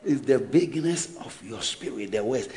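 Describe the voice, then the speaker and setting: Animated preacher man, lively and shouting. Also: mid-range voice, moderate pace. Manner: animated, shouting, mocking voices. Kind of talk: sermon.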